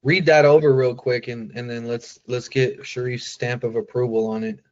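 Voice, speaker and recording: A man's voice: mid-range voice, level tone, normal speed, a little mellow. A man coaching a sales trainee over a call, casual and full of fillers, acting out sample lines. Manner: casual, filler-heavy, demonstrative. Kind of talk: live coaching on a video call. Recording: muffled lo-fi call audio.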